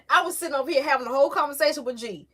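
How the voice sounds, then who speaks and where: A livestream host with a high, fairly bright voice talks very fast in casual chat with her viewers. She greets them by name and speaks with feeling.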